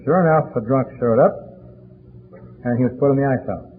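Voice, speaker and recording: Elderly male speaker, storyteller, old lo-fi phone-band recording, faint hiss. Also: medium pitch. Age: 80s. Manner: storytelling, chatty and deliberate with frequent fillers. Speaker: speaker sharing his story. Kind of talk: recovery meeting talk.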